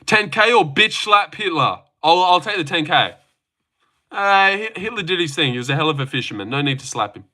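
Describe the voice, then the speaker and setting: A man streams live, chatting with his viewers in a crude, joking, boastful way. His voice sits somewhat high and rings sharp and bright. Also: expressive, a little fast. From Australia. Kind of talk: live-stream reaction chat, reading chat aloud.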